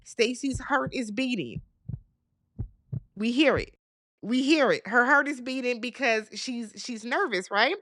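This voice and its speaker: Chatty woman host, high voice, dry close recording, sassy with easy laughs. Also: lively intonation, measured pace, fairly bright tone, dry recording. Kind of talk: casual recap chat.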